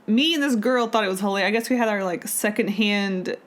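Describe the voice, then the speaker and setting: Fairly quick and medium in pitch, a woman's voice carries a relaxed podcast conversation as co-host. She rambles freely, leaning heavily on fillers.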